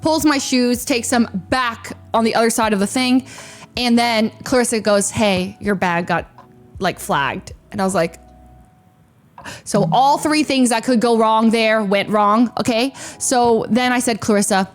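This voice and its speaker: Young woman, streamer, casual storytelling, filler-heavy, higher voice, faint music behind. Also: a little slow. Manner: animated, lots of fillers and sound effects.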